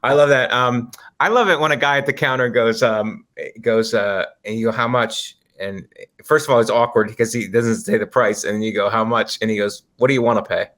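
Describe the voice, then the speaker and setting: A man chatting on a comedy podcast, spinning stories and slipping into the voices of the people he describes. His pitch sits in an ordinary middle range, and he talks loosely, with plenty of "like" and "you know". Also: steady tone, normal speed, a bit bright. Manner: storytelling, acts out quoted people. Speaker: podcast co-host. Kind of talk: casual comedic chat.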